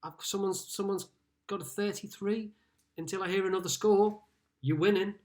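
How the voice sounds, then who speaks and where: A man's voice: high-pitched, fairly even intonation, normal speed. A man from Liverpool hosting a casual live-streamed pub quiz from home, chatting and greeting players by name as he reads out their scores. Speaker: quiz host.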